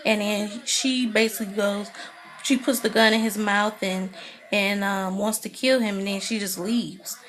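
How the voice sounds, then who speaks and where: A woman casually recapping a TV drama episode in a chatty, animated way, acting out the characters' lines. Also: mid-range voice, a little slow. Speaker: TV recap vlogger.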